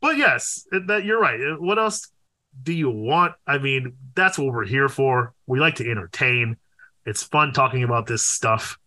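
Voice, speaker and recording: A young man co-hosting a podcast in casual chat, animated and profane, with loud exclaims. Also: mid-range voice, normal speed. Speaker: podcast co-host.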